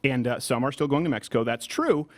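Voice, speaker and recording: A man hosting a political commentary show from a studio, with an animated, mocking delivery. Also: medium pitch, fast. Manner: animated, mocking, breaks into shouted impressions. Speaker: talk show host.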